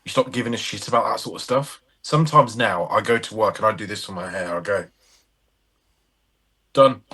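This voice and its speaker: A man with a lowish, husky voice talks in loose, rambling banter. He is a podcast co-host who jokes around, swears freely and loses his thread. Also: quick pace, pushed and bright. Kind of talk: casual banter.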